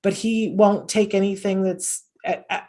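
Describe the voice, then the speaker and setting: A dark-toned, mid-range voice with little pitch movement belongs to a middle-aged woman speaking at normal speed. The podcast host and autism mom is an earnest interview guest, storytelling conversationally with many fillers and restarts.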